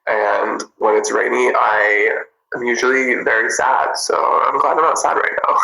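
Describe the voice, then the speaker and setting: A man chatting casually with viewers on a livestream, bubbly and giggly, in an animated way. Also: lowish voice, measured pace, vocal fry, echoey room, soft background music, low-quality recording. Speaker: livestream host.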